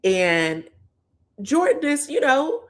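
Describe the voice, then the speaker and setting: High-voiced and sing-song, a woman hosts casual commentary at a slow pace. She goes over reality TV drama in frank slang, cursing frequently as she chats about pop culture.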